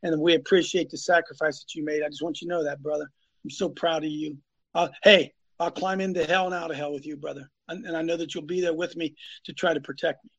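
A man's voice: on the high side, steady tone, fast, muffled recording. A man preaching emphatically as host of a live talk show, repeating his points and calling on co-hosts by name. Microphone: phone.

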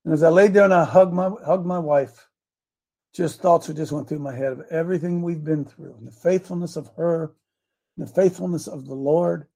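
A man's voice: fairly high pitch, mellow. A man of seventy giving a casual, rambling devotional talk as host, folksy and chuckling, speaking straight to his viewers. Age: 70s. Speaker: host of a daily faith talk show.

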